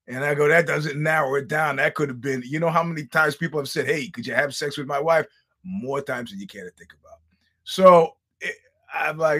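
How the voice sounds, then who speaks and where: A man's voice: on the high side, brisk, breathy edge. A man hosting a podcast, telling a long profane story in a casual monologue and acting out what people said. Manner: profane, animated storytelling with acted-out quotes. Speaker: podcast host.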